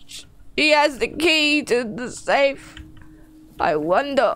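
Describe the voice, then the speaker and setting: A woman's voice: mid-range voice, measured pace. A woman giving horror game let's-play commentary, talking to herself in a jumpy way and swearing often. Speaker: gaming streamer.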